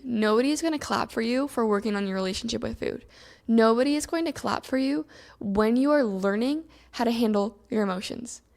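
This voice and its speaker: Young woman podcast host, solo episode, fairly high voice with vocal fry, chatty and animated. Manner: chatty, animated, acts out her own inner dialogue.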